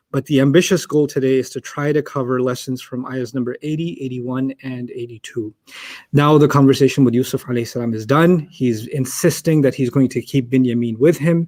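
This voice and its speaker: A man's voice: medium pitch, darkish tone. A man giving a Quran lesson. He recites Arabic verses in a chant and explains the Arabic words patiently and at length. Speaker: Quran teacher.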